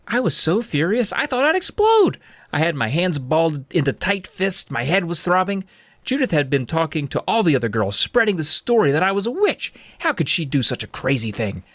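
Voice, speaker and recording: A male podcast co-host reads a book aloud and retells it in his own wry, sweary words. His voice swings lively, sitting at a middle pitch. The sound is dry and close to the mic. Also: fairly quick, no room sound. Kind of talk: reading a book aloud and chatting about it.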